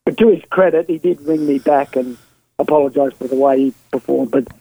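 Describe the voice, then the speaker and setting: A man's voice: medium pitch, a little fast, vocal fry, dark tone, poor audio. A man with an Australian accent, a former golf pro guest, telling casual stories in a chatty, self-deprecating way. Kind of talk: casual storytelling anecdotes.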